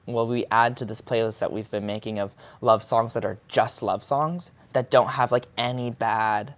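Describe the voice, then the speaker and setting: A male musician with a naturally high voice, chatting casually in an interview, full of likes and ums and quick to laugh. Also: steady tone, fairly bright tone. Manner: chatty, filler-heavy with frequent likes and ums, laughs easily. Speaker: musician guest.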